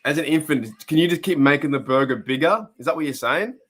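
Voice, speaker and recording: A man's voice: a little high, fairly quick, fairly bright tone. A young Australian man hosting a casual live stream, reacting to a game and chatting with viewers in a loose, rambling way. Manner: chatty, rambling, reads out chat comments.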